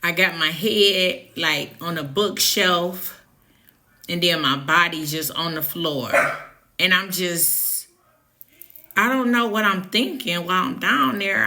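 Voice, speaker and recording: A woman telling a personal story in a casual storytime vlog. She speaks with animated emphasis, jumps high when indignant, and drops to a hush for the tense parts. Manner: drops to a hushed, low voice when recounting the tense moments; uses colloquial slang.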